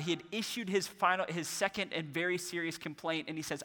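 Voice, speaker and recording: A man's voice: high voice, brisk, hardly any pauses, bright, forceful tone. A man preaching a sermon as a pastor, telling a family story with earnest energy and acting out the voices he quotes. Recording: long hall reverb.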